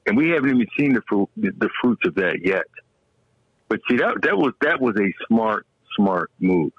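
Man, husky dry voice, excitable rambler, dull lo-fi sound. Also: on the low side, normal speed, dry recording. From American South. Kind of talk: casual chat.

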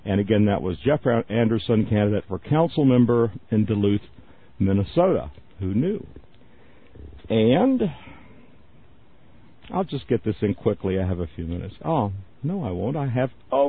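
Chatty husky radio host, man. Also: fairly low pitch, sing-song, normal speed, pauses often. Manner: chatty, rambling, laughs often. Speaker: radio talk show host. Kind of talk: casual radio call-in chat. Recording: narrow phone-like radio sound.

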